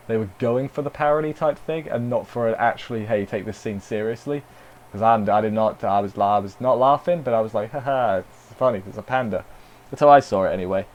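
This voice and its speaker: A man's voice: mid-range voice, a little mellow, muffled recording. A man casually reviewing an anime episode, rambling, with dry sarcastic asides.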